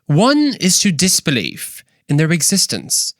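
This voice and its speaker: A man's voice: fairly high pitch, huge pitch swings, a little slow, fairly bright tone, dry recording, studio quality, voice pushed up, heavily acted. A man putting on a grand British reader. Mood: dramatic. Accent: put-on British. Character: mock-grand British male narrator reading aloud.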